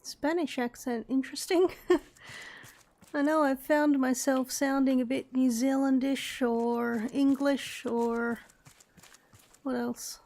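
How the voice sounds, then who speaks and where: A woman's voice: high voice, steady tone, takes it slowly, a little mellow. An Australian woman giving casual let's-play commentary, chatting and thinking aloud to herself as she plays. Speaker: gaming YouTuber.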